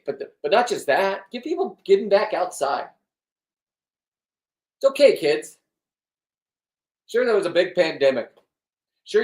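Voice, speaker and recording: A middle-aged man in a rambling, blunt vlog monologue, swearing often and restarting his sentences. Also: on the high side. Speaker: vlogger. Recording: echoey room, distant from the mic.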